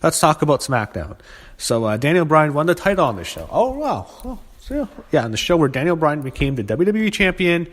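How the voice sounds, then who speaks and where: A man reviewing a wrestling show in a casual, unscripted way, ranting angrily and with lots of swearing, often stumbling over fillers and restarts. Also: a little high. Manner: angry profane ranting; halting, full of fillers and restarts. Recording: long reverb.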